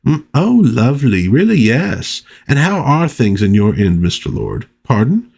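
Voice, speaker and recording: A man's voice: mid-range voice, wildly swooping pitch, measured pace, gravelly, darkish tone, slightly rough, pitched above the performer's own voice, heavily acted. A man voicing a prim, gossipy housewife chatting on the phone, fussy and chirpy.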